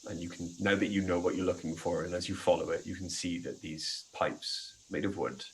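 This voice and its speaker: A man narrating as game master of a tabletop game, his voice sitting very low. He describes the scene step by step, with frequent ums between phrases. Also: fairly even intonation, fairly quick, slight background noise, low-quality recording.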